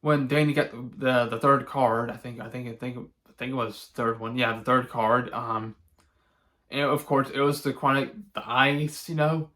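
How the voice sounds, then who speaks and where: A man giving a casual spoken movie review, rambling and halting with many fillers and restarts, chuckling now and then as he recounts scenes. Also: mid-range voice, steady tone, fairly bright tone. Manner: chuckles often while recounting.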